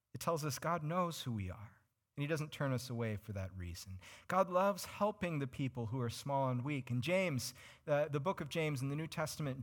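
Male pastor, sermon delivery, earnest and questioning, forceful bright tone. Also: a little high. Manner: earnest, explains and asks the congregation questions.

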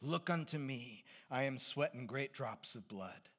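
A man voicing a fervent country lay preacher, preaching loudly and pleadingly, repeating his plea over and over. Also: medium pitch, animated, a little slow. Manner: loud, pleading, repetitive preaching. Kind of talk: sermon.

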